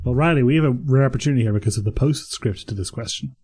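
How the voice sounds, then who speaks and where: A man co-hosting a podcast in casual chat, wry and quick with comebacks and playful sketch-style bits. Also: mid-range voice, darkish tone, breathy edge. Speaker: podcast co-host.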